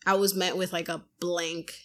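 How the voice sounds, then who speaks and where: Young female podcaster, casual chat, animated storyteller who voices others' lines. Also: fairly low pitch, moderate pace. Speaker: podcast host.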